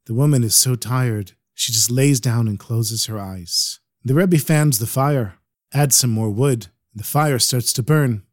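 A man narrating a religious story in an animated, expressive way. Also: mid-range voice, moderate pace, no room sound.

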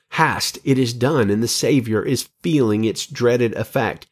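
A male preacher delivers a sermon in a measured, earnest voice, reading scripture aloud. His pitch sits in an ordinary middle range, and he leans on key words for emphasis. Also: a little mellow.

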